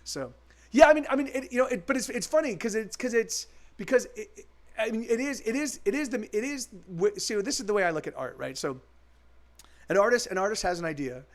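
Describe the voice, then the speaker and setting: A man's voice: sits high, expressive, brisk. A man, a musician, chatting casually with viewers during a live stream, rambling with many restarts and the odd swear word.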